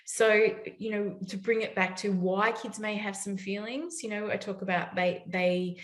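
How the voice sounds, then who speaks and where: Woman, parenting speaker, animated storyteller, echoey room. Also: mid-range voice, moderate pace. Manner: lively storytelling, acts out quoted voices. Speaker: parenting educator. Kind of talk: summit talk. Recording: roomy echo.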